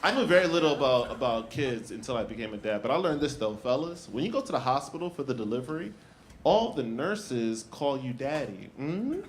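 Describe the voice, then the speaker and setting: A man doing a stand-up comedy set on a club stage, handheld mic, with shouted punchlines. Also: medium pitch, a little fast, noisy background. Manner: animated, loud shouted punchlines and put-on voices for others.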